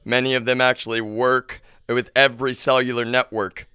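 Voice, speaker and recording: A man streaming live, ranting in an agitated, profane way at his viewers, dropping to low mutters and then bursting into shouts. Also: level tone, normal speed, clean tone, no room sound. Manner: agitated, profane, keeps addressing viewers as "y'all"; swings between low muttering and shouted outbursts.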